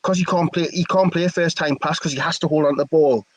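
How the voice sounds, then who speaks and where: A man's voice: a little high, steady tone, fast talker, low-quality recording. A man giving chatty, opinionated live play-by-play commentary for a fan stream. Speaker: match commentator.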